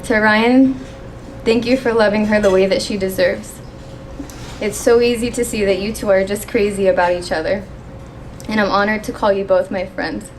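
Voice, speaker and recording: Young woman reading her maid of honor speech off her phone, gets choked up, bit of room noise, mid pitch. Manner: emotional, pausing to steady herself. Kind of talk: wedding toast read from a phone. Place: wedding reception hall.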